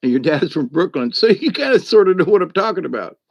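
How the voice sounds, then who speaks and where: A man's voice: high voice, very animated, fast talker, gravelly, darkish tone, no room sound. A man from South Georgia, hosting a live stream and telling rambling stories to his chat. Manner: rambling and chatty, full of "you know" and "but anyway". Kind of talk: casual storytelling to a live chat.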